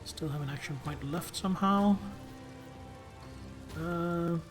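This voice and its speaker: A man streaming a game live, chatting through his turns and breaking into excited outbursts. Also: a little high, slow, music in the background. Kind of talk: live gameplay commentary.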